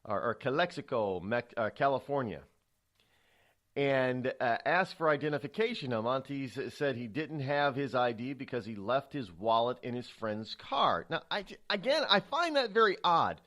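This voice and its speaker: A man's voice: mid-range voice, lively intonation, normal speed, a bit bright. Rambling male talk radio host. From United States. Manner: rambling, repeats words, indignant asides. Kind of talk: solo political commentary.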